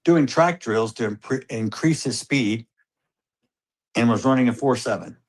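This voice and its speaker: A man's voice: mid-range voice, measured pace. A man telling a hunting story as a father, recounting it vividly and acting out the exchanges. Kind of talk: recorded storytelling.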